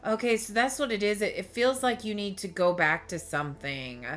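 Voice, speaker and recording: A woman's voice: medium pitch, moderate pace, a bit bright, soft background music. Rambling, emotional woman tarot reader. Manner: rambling, emotional, with frequent restarts. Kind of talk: candid personal storytelling to viewers.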